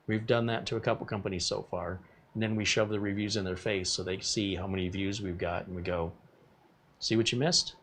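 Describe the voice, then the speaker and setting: A man's voice: sits low, level tone, a little fast. A man in his fifties hosting a live tech stream, chatting casually and rambling between topics while reading viewer comments. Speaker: tech YouTuber host.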